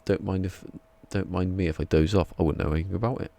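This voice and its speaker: A man with an English accent and a low, creaky, mellow voice talks fast with fairly even intonation. Chatting casually on a live stream, he rambles and chuckles while reading the chat, sounding a bit drowsy.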